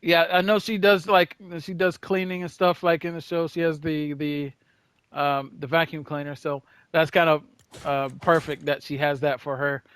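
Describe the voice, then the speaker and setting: Bright-voiced man rambling over gameplay. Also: a little high, little pitch movement, moderate pace, clean tone, no echo. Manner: rambling, thinks aloud, repeats words and says "bro". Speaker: gaming video creator. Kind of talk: casual gameplay reaction commentary.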